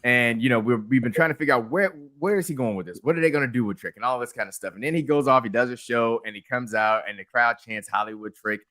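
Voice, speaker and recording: A man's voice: medium pitch, fast, hardly any pauses, sharp tone, dry recording, studio quality. A man co-hosting a podcast, chatting casually about wrestling, rambling with many fillers and restarts. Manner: rambling, lots of fillers and restarts, laughs easily. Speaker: podcast co-host.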